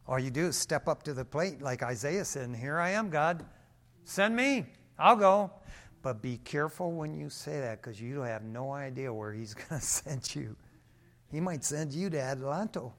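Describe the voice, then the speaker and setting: A man's voice: mid-range voice, normal speed. A male pastor preaching a sermon in a casual, slangy, emphatic way.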